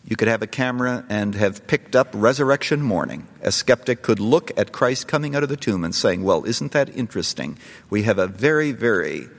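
A man's voice: lowish voice, expressive, brisk, gravelly. A middle-aged male pastor preaching a sermon, telling a story and building to impassioned appeals. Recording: long reverb of a large hall.

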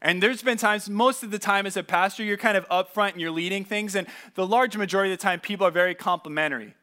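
A pastor giving a conversational sermon, telling stories casually with asides and repeated words. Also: male voice, sits high, quick pace, pushed and bright.

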